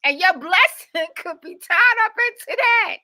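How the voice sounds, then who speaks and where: Lively high-voiced woman host. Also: unhurried. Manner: expressive, affirming interjections. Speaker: radio host. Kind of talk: casual radio interview.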